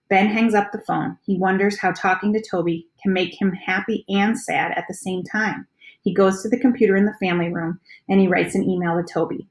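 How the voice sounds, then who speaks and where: A woman reading a children's storybook aloud in a steady, plain narration. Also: mid-range voice, a little fast.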